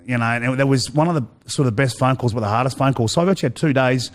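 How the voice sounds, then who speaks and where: An Australian man telling stories in a casual chat, animated and peppering his talk with "mate". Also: mid-range voice, racing. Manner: animated, says "mate" a lot, acts out quotes. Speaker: guest.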